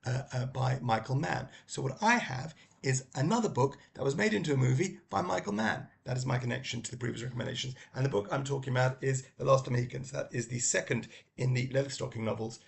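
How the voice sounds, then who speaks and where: A man's voice: medium pitch, fast talker, gravelly, hardly any pauses. A middle-aged man casually recommending books, talking in a rambling way with many ums and restarts. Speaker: book vlogger.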